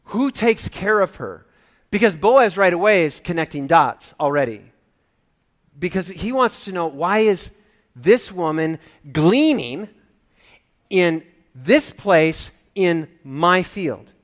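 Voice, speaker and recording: A male preacher with a high-pitched voice delivers an expository sermon. His delivery is animated, swinging between hushed emphasis and louder, lifted phrases.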